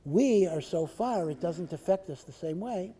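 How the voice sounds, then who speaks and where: A rabbi giving an earnest Torah lecture, asking rhetorical questions and mixing in Hebrew and Yiddish terms. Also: male voice, high-pitched, expressive, moderate pace, warm tone. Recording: hall with long reverb.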